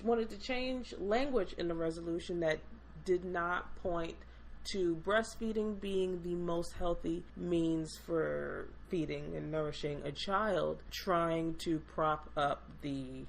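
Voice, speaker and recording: A woman's voice: lowish voice, slow, vocal fry, slight background noise, low-quality recording. A woman co-hosting a podcast in casual chat, blunt, sardonic and profane. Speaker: podcast co-host.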